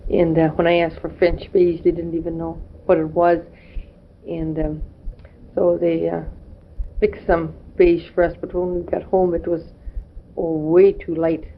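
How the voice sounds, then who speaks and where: A middle-aged woman chatting hesitantly at home, recording a rambling family audio letter with many pauses. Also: on the low side, level tone. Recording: dull old home tape recording with faint hiss.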